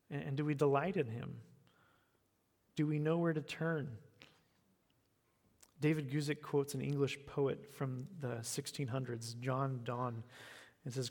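An American man giving an evening sermon and closing prayer, in an unhurried, earnest way that often repeats words. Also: mid-range voice, level tone, creaky, darkish tone. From United States. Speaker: preacher. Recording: long reverb of a hall.

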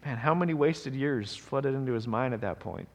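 In a large hall, a male pastor with a medium-pitched voice preaches at a normal speed. His sermon feels like a conversation, and he keeps checking in with listeners by asking "right?"

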